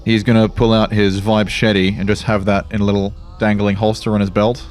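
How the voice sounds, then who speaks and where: A man's voice: on the low side, little pitch movement, a little fast, a little mellow. A man playing a tabletop role-playing game, casually and jokingly describing his character. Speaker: player.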